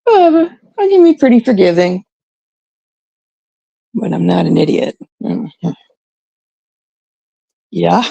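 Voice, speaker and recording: A woman's voice: mid-range voice, big pitch swings, slow, creaky, long pauses, mellow, breathy edge, no echo, dull audio. A Canadian woman in casual, unscripted talk to her chat, blunt and rambling, swearing often. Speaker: streamer talking to chat.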